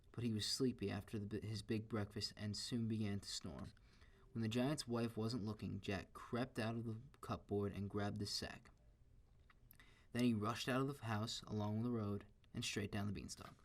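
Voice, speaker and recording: A man reading a children's story aloud in a steady, expressive way. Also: on the low side, moderate pace.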